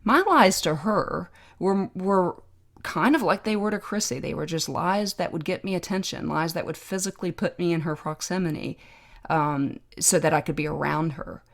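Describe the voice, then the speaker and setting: A middle-aged woman hosting a podcast, telling a personal story in a reflective, emotional way with pauses. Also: on the low side, gravelly. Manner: reflective, emotional, pausing to remember. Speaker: podcast host, trauma doctor.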